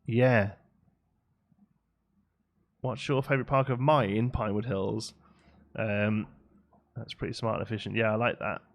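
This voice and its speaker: Casual male streamer, lowish voice, talks through his building and chats with viewers. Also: fairly even intonation, a little slow, vocal fry, long pauses, soft background music. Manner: chatty, reads out chat and answers it. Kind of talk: casual live-stream commentary while building.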